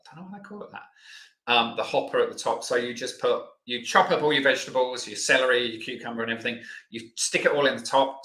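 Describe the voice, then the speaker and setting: Chatty man, bright echoey sound. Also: medium pitch. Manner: chatty, loose, many fillers. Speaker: health educator host. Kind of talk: live online Q&A lesson.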